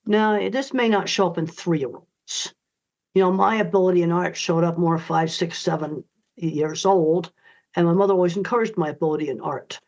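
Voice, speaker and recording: A woman's voice: lowish voice, moderate pace, a little mellow. Blunt older woman, dull lo-fi audio. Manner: blunt, emphatic, direct. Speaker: guest author. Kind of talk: interview answers.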